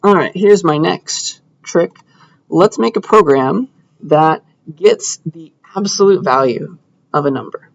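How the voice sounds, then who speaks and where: Young man, computer science lecturer, casual and chatty, thinking aloud, slightly high voice, muffled lo-fi lecture recording. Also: expressive, slow, creaky. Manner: casual, chatty, thinking aloud while clicking through code. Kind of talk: live classroom lecture with coding demo. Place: lecture hall.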